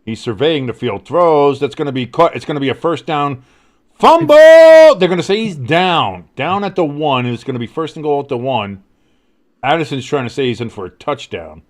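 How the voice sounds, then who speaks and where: A man hosting a live football stream, calling play-by-play in a rambling, excitable, casually profane way. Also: mid-range voice, a little fast. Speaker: host.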